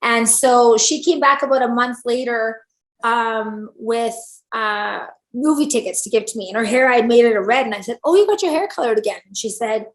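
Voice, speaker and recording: A woman's voice: on the high side, moderate pace. A middle-aged woman, a salon owner and stylist, telling stories in an interview and acting out the lines people said to her. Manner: animated, acts out quoted dialogue. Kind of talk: storytelling interview. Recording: roomy echo.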